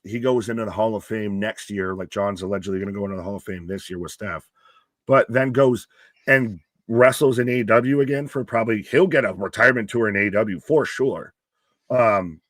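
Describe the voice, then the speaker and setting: A man's voice: lowish voice, a bit bright, no room sound. A young man co-hosting a wrestling stream, giving opinionated, rambling takes and swearing casually. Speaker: co-host.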